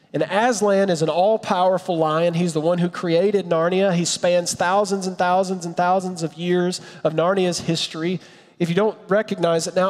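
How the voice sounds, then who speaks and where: A man preaching a sermon in an earnest, reflective way, with a storyteller's pauses. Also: high-pitched. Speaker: pastor. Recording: long reverb.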